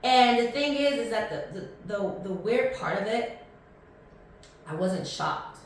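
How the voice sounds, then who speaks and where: A woman in her thirties hosting a podcast, telling a personal story in a casual, animated way and acting out both sides of the dialogue. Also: medium pitch, takes it slowly, very echoey, distant mic, a little hiss or hum. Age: 30s. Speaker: podcast host.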